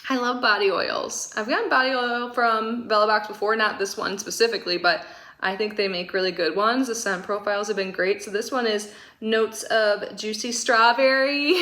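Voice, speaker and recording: A woman in her thirties chatting through a casual unboxing, gushing and excitable with lots of fillers. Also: a little high, measured pace. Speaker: subscription box reviewer.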